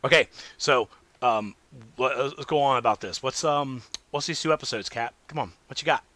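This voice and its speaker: A man hosting a casual solo gaming podcast, rambling and animated, swinging between loud remarks and muttered asides. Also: medium pitch, normal speed, no echo. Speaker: podcast host.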